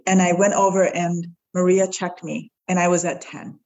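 Woman guest telling her story from the heart, kinda husky breathy voice, acts out what people said. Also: on the low side, level tone, moderate pace, darkish tone, muffled recording. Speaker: podcast guest. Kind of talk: personal storytelling in a podcast interview.

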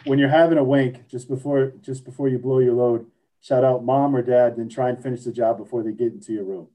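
A man's voice: mid-range voice, steady tone, a little fast, warm tone, low-quality recording. A man co-hosting a casual podcast chat, reading out crude slang definitions and joking along. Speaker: podcast co-host.

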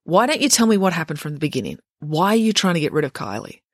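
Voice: medium pitch, sing-song, quick pace, no room sound, studio quality. A reader voicing an earnest, proper teenage girl detective who speaks precisely and a little nervously. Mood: prim.

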